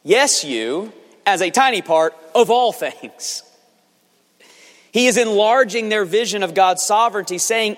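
A man's voice: sits high, animated, measured pace, a bit bright. A man preaching a sermon as a pastor, speaking earnestly and building force for emphasis, with some restarts. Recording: long reverb of a large hall.

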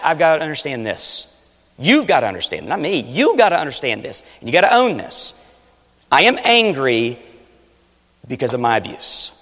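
A man preaching a sermon, animated, swinging between loud urging and hushed asides. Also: fairly high pitch. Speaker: pastor. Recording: long reverb of a large hall. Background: audience.

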